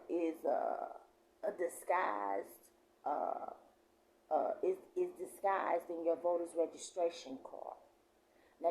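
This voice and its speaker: A woman reading scripture slowly and with emphasis, then adding loose, conversational commentary. She often clears her throat. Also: low voice, mellow, low-quality recording. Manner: reads verses slowly and emphatically, then talks in loose asides. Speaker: prophetess.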